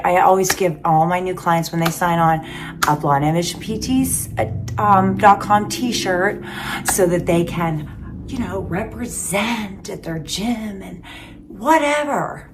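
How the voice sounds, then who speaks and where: Speaking in a fairly low, husky voice over a rough recording, a personal trainer and bodybuilder vlogger in her fifties talks to her phone camera. Her vlog chat is casual, upbeat and rambling, full of asides.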